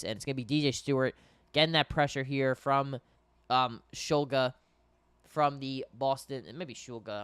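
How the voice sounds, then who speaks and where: A young man commentates a game live for his stream, a bit tired and yawning. His voice sits a little high and sounds smooth and clear. The recording is dry and close. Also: fairly bright tone, no room sound. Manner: conversational, addresses viewers as guys. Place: home in New York.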